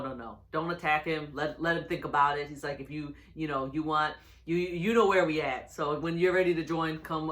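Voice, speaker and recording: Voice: medium pitch, bright, forceful tone. A reviewer giving a casual recap of a wrestling episode, rambling with lots of fillers and restarts, and chuckling often.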